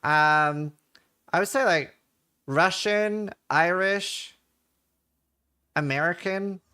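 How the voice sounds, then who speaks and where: Norwegian-born streamer guy rambling to chat, kinda high voice, sharp and bright, swears a bit. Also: extremely slow, clean tone. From Norway. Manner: chatty, reads chat aloud, swears casually. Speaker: game streamer. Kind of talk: casual live-stream chat.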